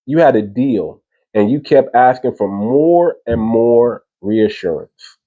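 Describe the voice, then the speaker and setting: Emphatic man with a dark voice. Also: mid-range voice, animated, takes it slowly, lo-fi sound. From United States. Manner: emphatic, repeats phrases, talks straight to chat. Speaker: livestream commentator. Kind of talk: livestream political commentary. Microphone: small cheap wireless clip mic.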